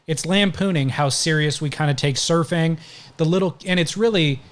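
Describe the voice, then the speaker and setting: A man's voice: fairly high pitch, moderate pace. A man hosting a podcast, casually recounting stories at length in conversation. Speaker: podcast host.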